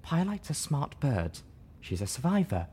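A man voicing a gentle, sorrowful mare, speaking softly and morosely. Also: mid-range voice, big pitch swings, measured pace, slightly rough, voice pushed up. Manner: soft, morose.

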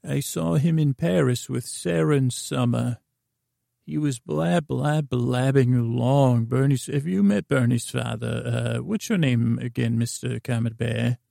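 A man's voice: medium pitch, a little slow, gravelly, no room sound, studio quality. A man voicing a bumbling, chatty old male traveling storyteller who rambles and keeps interrupting himself. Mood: excitable. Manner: rambling, excitable, self-interrupting.

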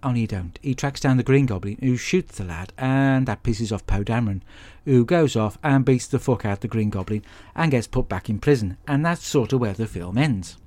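A man's voice: medium pitch, moderate pace, hardly any pauses, darkish tone. A middle-aged man, giving a blunt, sweary comic monologue as podcast host. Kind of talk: comic monologue with film recap.

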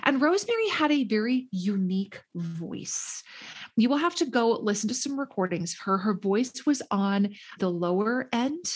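A woman host telling a story in casual chat, animated and quick to laugh, acting out what people said. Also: medium pitch, husky. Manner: animated, laughing, acts out quotes in voices. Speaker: podcast host.

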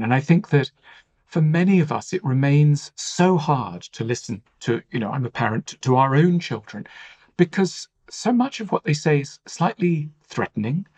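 A man's voice: medium pitch, darkish tone, husky. A man talking as a podcast guest, explaining ideas in a thoughtful, reflective way with many "you know" fillers. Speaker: author and guest.

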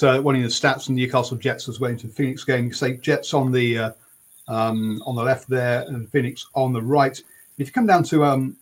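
A man's voice: medium pitch, breathy edge. A man co-hosting a casual football fan podcast, reading out match stats with some hesitation.

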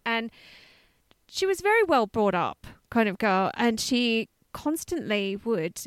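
Lively co-host woman, expressive and bright-voiced, dry recording. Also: a little high, slow pace, clean tone, no room sound. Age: 30s or older. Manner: animated, laughs often, wonders aloud. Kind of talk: casual chat.

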